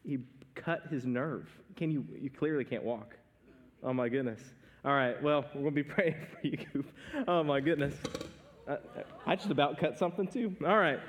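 A man's voice: fairly high pitch, moderate pace, lo-fi sound, a little hiss or hum. A man in his thirties preaching a sermon, telling family stories in a conversational way with laughs. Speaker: pastor. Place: church sanctuary stage. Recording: long reverb of a church hall.

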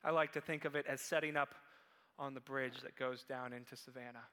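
Casting: male pastor, bright forceful tone, animated storyteller. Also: medium pitch, a little fast, in a large hall. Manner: animated storytelling, acting out quoted voices. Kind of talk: sermon.

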